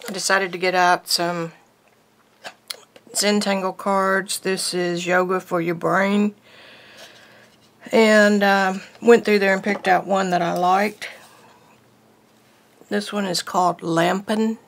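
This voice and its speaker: A woman teaching a casual drawing lesson, chatty and unhurried, thinking aloud as she works at her desk. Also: medium pitch, level tone, a little hiss or hum. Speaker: art teacher.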